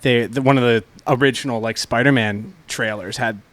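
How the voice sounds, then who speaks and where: A man hosting a casual comedy podcast, joking with guests and sometimes breaking into loud, off-key singing. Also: medium pitch, fairly even intonation, normal speed, no room sound. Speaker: podcast host.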